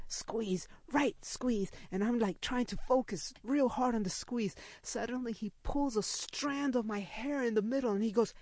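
A woman's voice: medium pitch, dry recording. An older woman telling a personal story, laughing often and acting out what others said. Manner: animated, laughs while telling, acts out others' lines.

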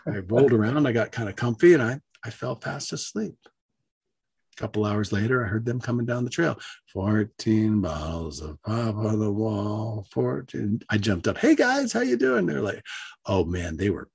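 Animated husky male storyteller. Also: dry recording, clean studio sound. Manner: animated, acts out voices with big pitch jumps. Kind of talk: told personal story, on radio.

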